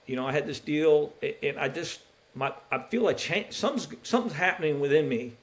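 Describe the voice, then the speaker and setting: Man, middle-aged, earnest, emotional, halting restarts, somewhat high voice, podcast testimony. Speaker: podcast guest, college basketball referee. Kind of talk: personal testimony in a podcast interview.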